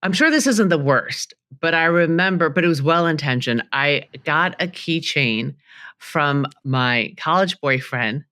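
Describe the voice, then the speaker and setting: Bright-voiced woman, chatty talk show guest. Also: low-pitched, measured pace, no echo, studio quality. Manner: chatty, animated storytelling, laughs easily. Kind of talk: casual interview chat.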